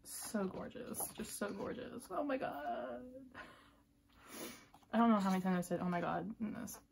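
A woman with an everyday mid-range voice chats through an unboxing, gushing and excitable. She keeps sliding into hushed, breathy whispers. A faint hiss sits behind her. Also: medium pitch, moderate pace. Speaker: vlogger unboxing a photobook. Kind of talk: casual unboxing commentary.

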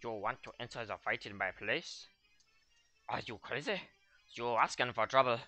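A man's voice: mid-range voice, moderate pace, pushed and bright, soft background music, close to an everyday voice. A man hamming up a big brute with a mock Russian accent. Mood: challenging. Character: big dim-witted male axe fighter with a bad Russian accent.

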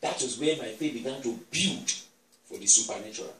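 A man preaching a sermon as an apostle, telling stories that build into shouted declarations, in a church hall. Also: mid-range voice, fairly quick. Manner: storytelling that swells into shouted declarations. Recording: echoey church hall, distant mic.

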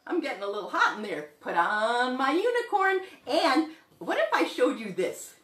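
A young woman hosting a sing-along show for toddlers, talking slowly and playfully to small children. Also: high-pitched, very animated, fairly bright tone, roomy sound. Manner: slow, exaggerated, playful talk to small children. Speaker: children's music teacher and show host.

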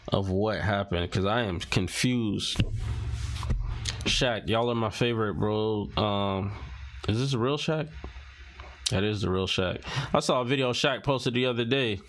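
Casual male commentator, unhurried delivery, mumbles through captions as he scrolls. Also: fairly low pitch, a bit bright, a little hiss or hum. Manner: reads captions aloud, muttering and reacting. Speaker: commentary vlogger. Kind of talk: casual commentary while scrolling social media posts.

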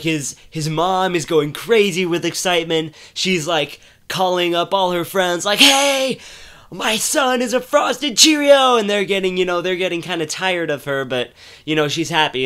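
A man casually telling a made-up comic story, rambling with many fillers and restarts and deadpan build-ups. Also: on the high side, clean tone.

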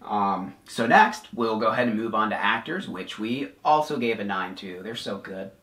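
A man's voice: on the low side, normal speed. Chatty man reviewing in an echoey room. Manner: excited, rambling with many "like"s. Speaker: haunted attraction reviewer. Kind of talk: casual review chat.

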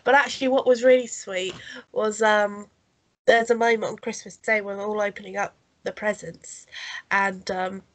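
A woman's voice: medium pitch, flat delivery, normal speed. A woman with a cold and a nasal voice, co-hosting a podcast in casual chat, rambling with fillers and coughs. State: has a cold. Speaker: podcast co-host. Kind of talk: casual chat reviewing a holiday special.

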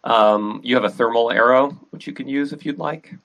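A man runs a tabletop game as its game master. He talks at an ordinary middle pitch and explains rolls and scenes in a loose, hesitant flow full of fillers. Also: moderate pace, rough recording. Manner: relaxed, hesitant with many fillers.

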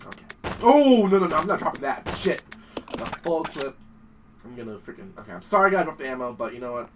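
Young male let's-player, excitable and profane, a bit off mic over clear background noise. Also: on the high side, brisk, pauses often, distant mic. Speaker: gaming channel host. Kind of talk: let's play commentary.

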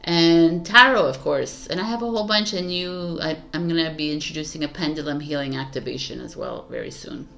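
A woman's voice: low voice, a little fast, vocal fry, hardly any pauses, a bit bright, soft background music. A woman tarot reader talking casually to her viewers, affectionate, laughing often and repeating herself. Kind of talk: casual spiritual talk to viewers.

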